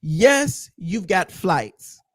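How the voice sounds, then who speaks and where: A man's voice: high-pitched, sing-song, drawn-out words, no room sound, clean studio sound. A man co-hosting a faith talk show, speaking in a folksy, chuckling way and addressing the listeners directly.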